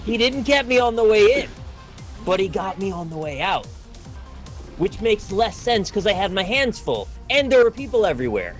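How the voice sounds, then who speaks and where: A man's voice: sits high, very animated, normal speed, faint music behind. Man telling a rambling anecdote. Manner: rambling, self-deprecating storytelling. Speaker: guest. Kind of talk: casual chat.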